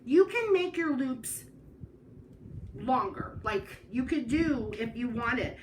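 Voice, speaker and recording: A woman's voice: fairly high pitch, lively intonation, slow. A woman hosting a live craft tutorial, chatty and talking to herself as she works, often stopping with "hold on.". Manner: chatty, self-interrupting with "hold on". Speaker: craft host. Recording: distant mic with noise.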